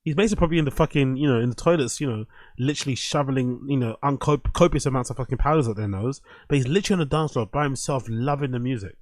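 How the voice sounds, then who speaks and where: A man's voice: medium pitch, racing, no room sound. Profane man reacting to clips. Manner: profane, animated, talks over the clips. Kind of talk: casual reaction commentary.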